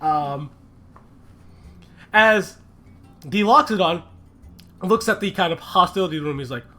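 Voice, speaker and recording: A man narrating a tabletop game as game master, telling the story in a lively, animated way. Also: high voice, a little slow, pauses often, soft background music.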